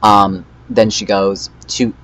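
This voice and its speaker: Low-voiced teen guy rambling a storytime. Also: moderate pace, poor audio. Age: teens. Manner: rambling, reads out chat messages flatly, frequent fillers. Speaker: vlogger. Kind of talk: casual storytime recap.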